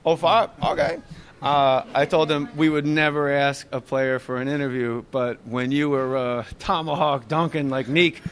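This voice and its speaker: Joking, excitable male podcast host. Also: medium pitch, normal speed, smooth. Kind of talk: casual sports chat. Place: arena after a game.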